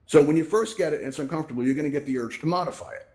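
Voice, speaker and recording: A man hosting a virtual reality event, telling stories in a casual, animated way and often checking in with "right?", on a VR headset mic. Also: a little high, racing. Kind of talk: casual live presentation with storytelling.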